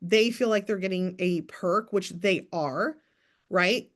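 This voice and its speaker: A woman in her thirties chats her way through an upbeat, rapid coaching talk for her sales team at a medium pitch. She repeatedly performs sample messages in a brighter voice.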